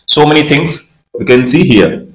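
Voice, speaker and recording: A man's voice: mid-range voice, expressive, measured pace, echoey room, rough recording. A man, a neonatologist explaining ventilator graphics step by step and repeating key terms. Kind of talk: slide lecture.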